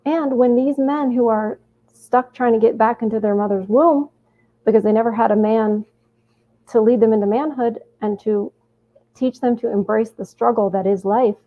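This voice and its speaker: A woman hosting a reaction show, rambling through casual commentary with many restarts and fillers. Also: fairly high pitch. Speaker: host reacting to a video. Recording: tinny phone-like audio.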